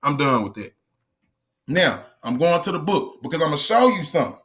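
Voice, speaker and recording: High-pitched guy going off on camera, sharp bright voice, confrontational and repetitive. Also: big pitch swings, moderate pace. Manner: emphatic, repetitive, confrontational, addresses viewers directly. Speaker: online lecturer. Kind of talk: profane, heated monologue to camera.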